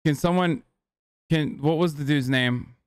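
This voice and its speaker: A man streaming a casual reaction, talking in a profane, sarcastic, rapid-fire way into a close desk mic. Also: a little high, clean tone, dry recording.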